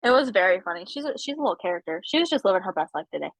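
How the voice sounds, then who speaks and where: A woman's voice: medium pitch, rapid-fire, no room sound, poor audio. A woman co-hosting a podcast, telling a funny story in casual chat with lots of asides. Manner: animated, chatty, with frequent asides. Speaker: podcast co-host.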